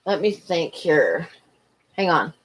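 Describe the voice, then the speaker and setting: A woman's voice: on the low side, big pitch swings, takes it slowly, husky. A middle-aged woman rambling through a story on her livestream and answering chat in between. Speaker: livestream host.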